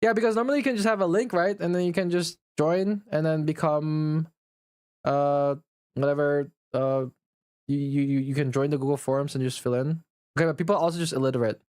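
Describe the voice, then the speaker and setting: A man's voice: on the high side, fairly even intonation, brisk, a little mellow, clear, resonant tone, no room sound, clean studio sound. A man streaming live, ranting and complaining with lots of swearing and frequent laughs at himself. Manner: profane, ranting, exasperated complaining; laughs often at his own rant. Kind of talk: casual livestream chat.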